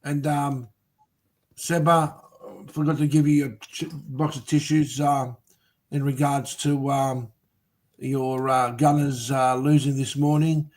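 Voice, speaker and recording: A man's voice: medium pitch, little pitch movement, takes it slowly, darkish tone. A man on a sports podcast panel, hesitant with many ums, teasing others.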